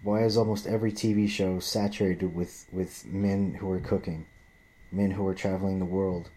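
A man's voice: deep voice, level tone, normal speed, mellow. A man ranting in a profane, rambling monologue, often restarting and repeating himself.

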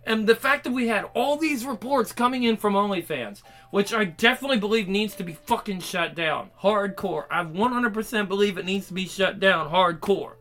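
High, bright-voiced ranting man. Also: moderate pace, few pauses. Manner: angry, profane, rambling. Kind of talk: ranting monologue.

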